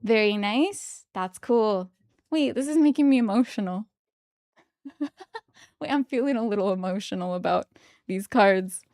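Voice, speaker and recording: A young woman streaming from home, chatting casually and giggling excitedly as she opens trading cards. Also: medium pitch, a little slow, long pauses, no room sound, clean studio sound. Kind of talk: casual live-stream chat while opening trading cards.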